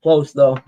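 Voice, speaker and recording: A man's voice: high-pitched, dark tone, highs cut off. Laid-back man chatting casually. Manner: laid-back, laughs often, reads posts aloud. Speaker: show host. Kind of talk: casual chat.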